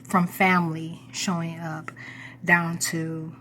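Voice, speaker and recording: A woman's voice: lowish voice, level tone, slow pace, bright, forceful tone, slight background noise. A woman talking to her camera in a rambling personal monologue, musing and correcting herself as she recalls things. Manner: musing, self-correcting, recounting memories. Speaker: vlogger.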